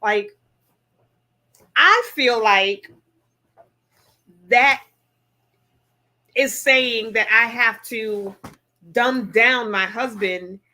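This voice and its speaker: A middle-aged woman co-hosting a casual chat, telling a story in an animated, emphatic way. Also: a little high, drawn-out words, pauses often. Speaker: podcast co-host.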